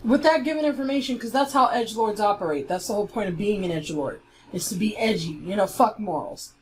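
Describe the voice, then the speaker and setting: A woman's voice: mid-range voice, fast talker, slight background noise. A woman giving a heated, blunt commentary, swearing freely as she picks apart an online argument. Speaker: YouTube commentator. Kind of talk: ranting commentary.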